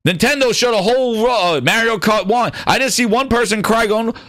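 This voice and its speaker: A man hosting a gaming news livestream, ranting in an excitable, profane and mocking way. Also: very high-pitched, a little fast, hardly any pauses, no echo, studio quality. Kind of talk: livestream rant.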